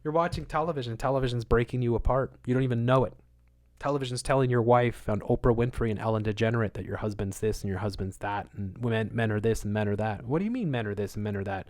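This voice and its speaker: A man hosting a livestream, answering chat in a casual rant, moralizing and repeating words for emphasis, at times loud, at times muttering. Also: medium pitch, fast talker, dry recording, clean studio sound. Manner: swings between loud outbursts and muttered asides.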